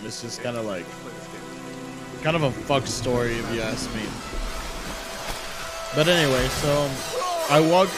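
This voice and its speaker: A man hosting a live stream, telling a story in casual chat, rambling and correcting himself often with lots of "you know" and "like". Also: on the high side.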